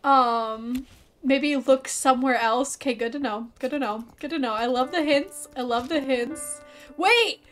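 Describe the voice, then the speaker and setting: Bubbly high-voiced woman gamer. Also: normal speed, soft background music. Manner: bubbly, playful, chatty with viewers; casual swearing. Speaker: gaming streamer. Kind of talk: let's play commentary.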